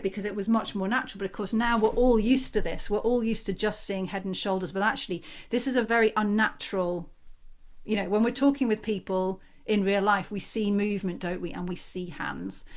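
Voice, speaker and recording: A woman from the north of England with a Northern English accent, a communication coach giving an expressive, conversational workshop talk over a video call. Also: medium pitch. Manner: expressive, conversational, acts out examples.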